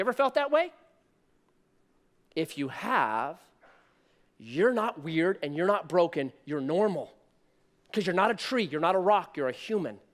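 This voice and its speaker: A man in his thirties preaching a sermon, telling a story in an animated, conversational way. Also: high voice. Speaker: pastor.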